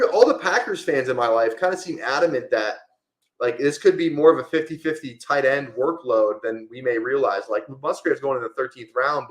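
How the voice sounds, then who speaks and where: A man's voice: mid-range voice, roomy sound. Chatty man streaming a fantasy draft. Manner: rambling, casual, lots of "like" fillers. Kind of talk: live-stream draft commentary.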